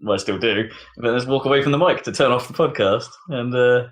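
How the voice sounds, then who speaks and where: A man's voice: medium pitch, a little fast. British guy on a podcast, jokey, laughs a lot, normal mid voice. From Britain. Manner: jokey, laughs often, trails off into restarts. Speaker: podcast co-host. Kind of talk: casual chat.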